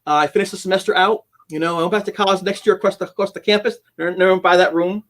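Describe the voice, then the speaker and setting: A middle-aged man with a fairly high voice recounts a personal experience as a podcast guest. He talks quickly and acts out the dialogue, stumbling and restarting as he goes. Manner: animated storyteller who acts out quoted dialogue, with frequent restarts. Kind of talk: personal storytelling in a podcast interview.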